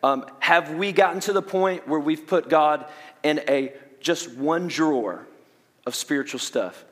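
A young adult man with a Southern US accent, preaching a sermon in an animated way, with quick asides and restarts. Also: a little high. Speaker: pastor. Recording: long reverb of a large hall.

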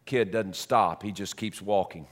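A man preaching a sermon as a story, dramatic, swinging between loud and soft. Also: on the low side, unhurried. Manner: dramatic, shifts loud and soft, repeats words.

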